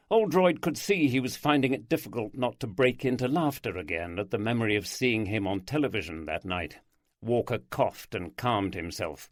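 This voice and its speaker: Male audiobook narrator, measured, dry close mic. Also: fairly low pitch, lively intonation, no room sound.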